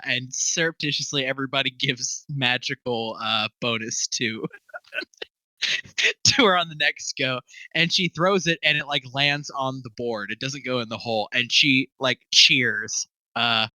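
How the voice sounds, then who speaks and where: A man's voice: medium pitch, animated, a little slow, pushed and bright, no echo. A young man narrating as game master, laughing often and swearing casually. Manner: laughing often, loose and profane. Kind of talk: narrating a tabletop game over voice chat.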